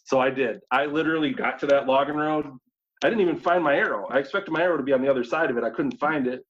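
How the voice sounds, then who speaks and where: A man from New York State, a guest telling a hunting story in a casual, animated way, acting out his own thoughts. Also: mid-range voice, fast talker. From New York State, USA. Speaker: guest hunter. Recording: slightly dull lo-fi audio.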